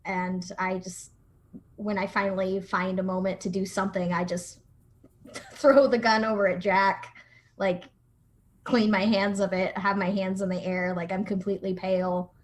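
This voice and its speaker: A woman's voice: mid-range voice, flat delivery, moderate pace. A woman playing a tabletop horror game, describing her character's actions hesitantly with many fillers. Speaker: player.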